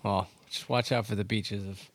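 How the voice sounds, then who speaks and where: A man in casual conversation, telling an anecdote in an animated way and acting out the voices of the people in it. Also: on the low side, moderate pace, no room sound. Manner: animated anecdote teller, acts out voices in stories.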